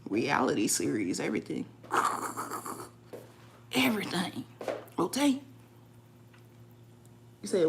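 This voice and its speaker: A woman's voice: lowish voice, big pitch swings, unhurried, gravelly, long pauses, a little hiss or hum. A woman, chatting casually and teasingly with viewers on a live stream, laughing often.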